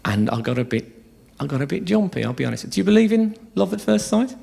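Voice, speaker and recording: A male stand-up comedian performs live on a theatre stage with a bawdy, swearing, chatty storytelling manner. His voice sits fairly high for a man and swings around a lot in pitch. A gravelly fry runs through it. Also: sing-song, quick pace, dark tone.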